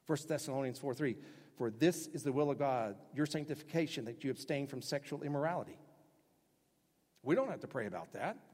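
Pastor, male, husky and a touch high, emphatic sermon delivery in a reverberant hall. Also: a little fast. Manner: emphatic preaching with sudden loud acted-out quotes.

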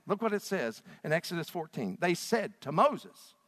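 A man preaching a sermon, telling scripture stories dramatically and acting out the quotes with big swings between loud and soft. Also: a little high, big pitch swings, moderate pace, hardly any pauses, long reverb tail. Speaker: pastor.

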